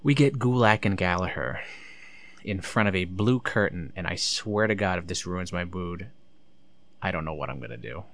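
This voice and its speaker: A man's voice: low voice, normal speed, fairly bright tone. A man recapping a wrestling show in casual commentary, blunt, sarcastic and swearing freely.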